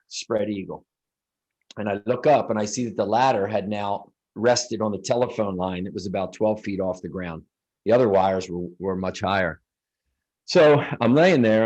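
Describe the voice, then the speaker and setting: Low-voiced man telling his story. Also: darkish tone, dull audio. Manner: earnest storytelling, acts out quoted dialogue. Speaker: guest. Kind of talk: telling a personal story in an interview.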